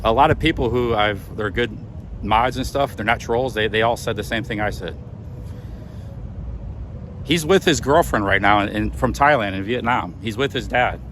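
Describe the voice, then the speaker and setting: A man's voice: on the low side, moderate pace, a bit bright, slight background noise. A man livestreaming outdoors on city streets, agitated and defensive, with stammering restarts. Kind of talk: live walk-and-talk stream.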